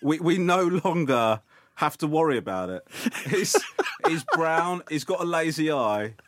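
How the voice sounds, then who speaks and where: Animated man telling a story. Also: fairly high pitch, unhurried. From England. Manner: animated storytelling, acts out other people's lines. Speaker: guest comedian. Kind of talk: casual interview chat.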